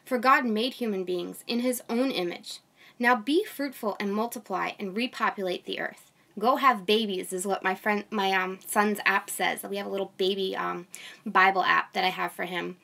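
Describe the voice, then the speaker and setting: A woman's voice: medium pitch, steady tone, normal speed, creaky, sharp tone. A young woman, a mother, reading scripture aloud and breaking off into casual, chatty commentary with fillers. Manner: reads steadily, then chats with fillers and light laughs. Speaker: Bible reader and host.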